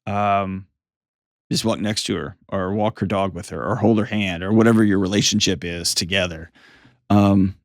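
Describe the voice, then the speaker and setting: A man's voice: on the low side, no room sound, studio quality. A man hosting a call-in advice show, talking in an earnest, coaching way and often repeating his phrases. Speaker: host giving advice.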